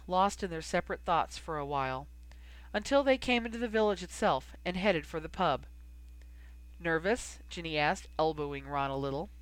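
A woman reading a fan fiction story aloud, giving the characters lively dialogue. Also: on the low side, no room sound. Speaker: audiobook reader. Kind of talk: fan fiction audiobook narration.

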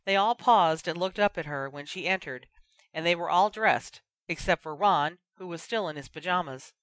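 Bright, dry audiobook reader. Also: medium pitch, normal speed, no room sound. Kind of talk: fan fiction reading.

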